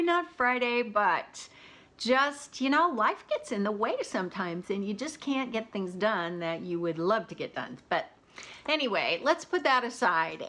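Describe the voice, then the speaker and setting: A woman's voice: mid-range voice, sharp tone. A woman hosting her own vlog, chatting casually about audiobooks with lots of "you know" asides. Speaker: audiobook reviewer.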